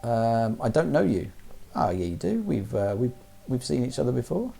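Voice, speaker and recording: A man's voice: mid-range voice, very animated, moderate pace, creaky, mellow, husky. A man doing jokey, chatty let's-play commentary as a gaming streamer. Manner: jokey, chatty, mild slang.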